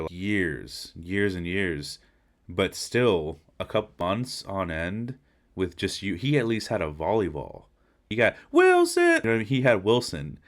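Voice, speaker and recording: A podcast host with a very low voice gives a laid-back reaction to a video. He rambles in slang and drifts off on tangents. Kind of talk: casual reaction commentary.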